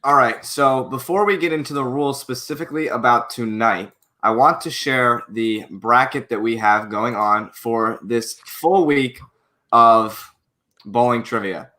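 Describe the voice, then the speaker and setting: Man, host, bright tone, matter-of-fact explaining. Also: mid-range voice, unhurried. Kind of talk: casual hosting.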